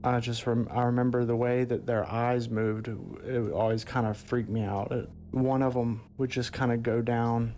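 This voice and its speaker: A middle-aged man recounting a personal experience in a documentary clip, halting and searching for words. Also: mid-range voice, little pitch movement, warm tone, a little hiss or hum.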